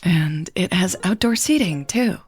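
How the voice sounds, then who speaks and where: A woman's voice: lowish voice, expressive, a little slow, darkish tone, soft background music. A woman voicing a shy, nervous young woman in love, talking hesitantly and a little breathlessly, in a story read aloud.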